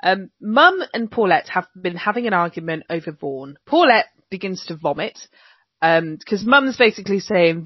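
A woman's voice: lowish voice, big pitch swings, normal speed, slightly rough, dry recording. A woman chatting casually on a video call podcast, laughing often and swearing casually while she recaps a TV episode. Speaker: podcast co-host. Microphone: own mic on a video call. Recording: dull lo-fi dry sound.

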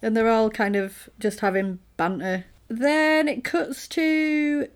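Brief: woman, podcast co-host, chatty animated storyteller. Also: a little high, slow, smooth. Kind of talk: casual chat recapping a film.

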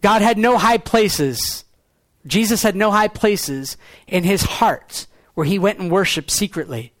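A young adult man preaching a sermon as pastor, earnest, moving between quiet, lower lines and quick, pointed rhetorical runs. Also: dry recording.

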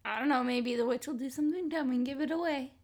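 A woman co-hosting a podcast, cutting in with quick, sarcastic jokes while a story is read. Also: high-pitched, a little mellow. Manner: quick jokey interjections, sarcastic. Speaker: podcast co-host. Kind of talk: casual chat.

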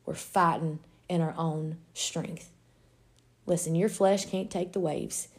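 A woman speaks earnestly in a faith-based encouragement talk, heartfelt and direct. Her voice sits low with a gravelly texture. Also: fairly even intonation, takes it slowly. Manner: earnest, heartfelt, with some restarts. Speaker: devotional speaker.

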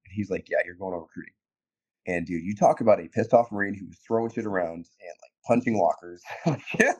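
A deep, low-pitched man speaks over what sounds like a phone, recounting his service days in an easygoing chat. He laughs often and acts out the back-and-forth of old conversations. The delivery stays loose and conversational. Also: quick pace, darkish tone, muffled recording. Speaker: interview guest, former Marine. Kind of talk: casual storytelling.

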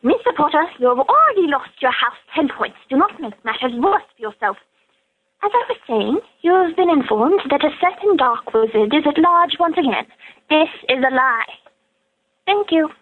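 A woman voicing a prim, sickly-sweet female witch professor, clipped and quick. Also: high-pitched, sing-song. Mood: saccharine stern. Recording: tinny phone-like line.

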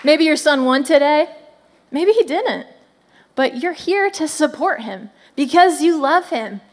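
Woman, 30s, high voice, animated family sermon with crowd call-outs. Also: measured pace. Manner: animated, frequent "come on" calls to the crowd. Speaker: children's ministry speaker.

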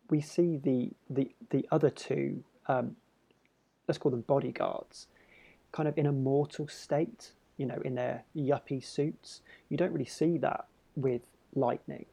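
A man with a gravelly voice discussing a film on a podcast, thoughtful and hesitant with frequent restarts. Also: mid-range voice, warm tone. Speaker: podcast co-host.

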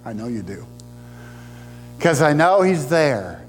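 A man preaching a sermon as a pastor, animated, swinging between loud emphasis and quiet, confiding asides. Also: mid-range voice, slow pace, in a large hall, soft background music.

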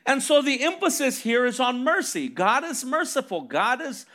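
A man preaches a sermon in a strikingly high voice. He walks through scripture verses, poses rhetorical questions, and keeps dropping in "amen" and "right?". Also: sing-song, moderate pace, bright, forceful tone.

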